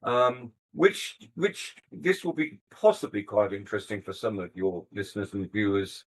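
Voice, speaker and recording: In poor audio, an older male musician talks at a moderate pace in a lowish voice. It's casual interview storytelling, delivered in a reflective, hesitant and self-deprecating way.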